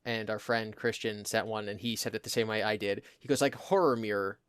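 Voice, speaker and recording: A man's voice: fairly low pitch, little pitch movement, a little fast, fairly bright tone, clean tone, no room sound, studio quality. A young man from New Jersey with a New Jersey accent, co-hosting a podcast in rambling casual chat and laughing often. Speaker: podcast co-host.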